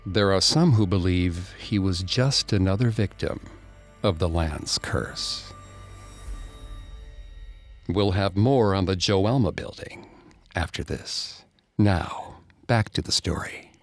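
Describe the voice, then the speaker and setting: A man narrating a true-crime story in a measured, somber storytelling manner. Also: low voice, faint music behind.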